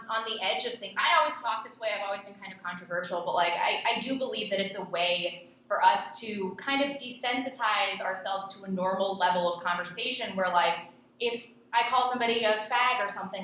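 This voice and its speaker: A woman's voice: medium pitch, fairly quick, bright, forceful tone, lo-fi sound. A young adult woman answering interview questions in a blunt, scornful way. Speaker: podcast host and interview guest. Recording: echoey room with faint noise.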